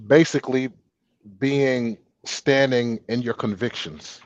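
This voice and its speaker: A man's voice: medium pitch, slow, dull audio. A man on a podcast panel arguing persuasively in casual chat and checking that he is understood. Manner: persuasive, asks "you feel me?". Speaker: panel guest. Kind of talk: casual group discussion.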